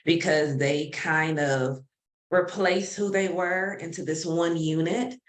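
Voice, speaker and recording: A woman's voice: deep voice, fairly even intonation, takes it slowly. A woman therapist explains ideas in an earnest, step-by-step way, sometimes restarting a word. It is casual panel chat over a video call. The room around her sounds roomy and echoey. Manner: earnest, explanatory, self-correcting.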